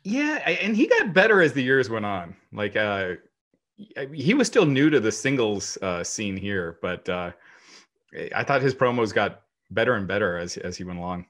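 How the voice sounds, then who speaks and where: A man's voice: lowish voice, very animated, moderate pace, a bit bright. A man co-hosting a podcast in casual chat, talking with emphatic enthusiasm and laughing often. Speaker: podcast co-host.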